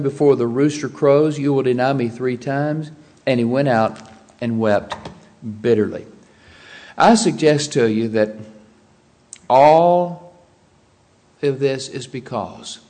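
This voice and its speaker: A man delivering a sermon with a steady middle-pitched voice. He leans hard into some lines, then drops into quiet, low asides. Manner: expressive, swings between loud emphasis and quiet low asides. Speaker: preacher.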